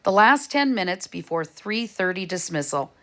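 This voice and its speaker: A woman narrating a children's chapter book aloud at an even, unhurried pace. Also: medium pitch. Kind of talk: storybook reading.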